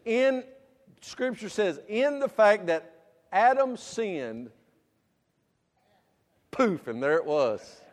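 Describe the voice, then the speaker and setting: A man, preaching a sermon with loud emphatic bursts and quieter asides. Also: high voice, big pitch swings, slow, pauses often, big-room sound. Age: 50s. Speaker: pastor.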